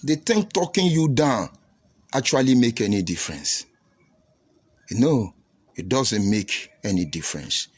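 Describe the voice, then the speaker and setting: A man's voice: mid-range voice, big pitch swings, measured pace, long pauses, husky. Combative Nigerian preacher man. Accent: Nigerian English. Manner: combative, preachy, rhetorical questions. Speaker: preacher and livestream host. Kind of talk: livestream commentary reading viewer comments.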